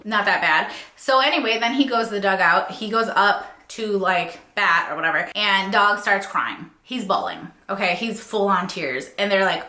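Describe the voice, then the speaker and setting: A woman's voice: medium pitch, normal speed, roomy sound. Chatty young woman reviewing books. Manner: chatty, animated, many fillers. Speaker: book reviewer. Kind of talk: casual book review chat.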